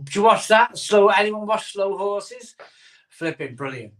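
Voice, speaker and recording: A man's voice: high-pitched, animated, a little slow, a bit bright, faint music behind. A middle-aged man hosting a live stream, chatting casually, joking and chuckling as he reads out viewer comments. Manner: jokey, chuckles often, storytelling banter. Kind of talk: casual chat.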